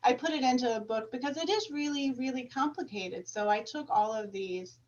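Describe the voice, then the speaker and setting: A woman guest chatting in a lively way on a video call, laughing often and getting louder when amused. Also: sits high, a little fast. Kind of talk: casual interview chat. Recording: distant, dull remote mic.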